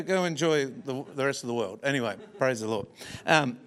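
A man's voice: medium pitch, moderate pace, fairly bright tone. A man preaching a storytelling sermon with humorous, self-deprecating asides and frequent chuckles.

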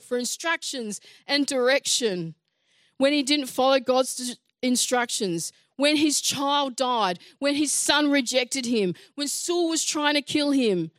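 Earnest high-voiced woman preaching. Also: a bit bright, no room sound. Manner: earnest, rising to emphatic scripture reading. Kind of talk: sermon.

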